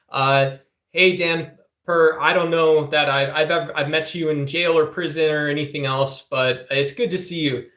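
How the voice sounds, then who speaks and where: A man from the Southwest United States hosts a political livestream and argues with chat, teasing and combative. He leans on fillers and restarts as he talks. His voice sits a little high and bounces around an echoey room. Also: a bit bright. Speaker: livestream host answering chat. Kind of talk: casual political livestream talk.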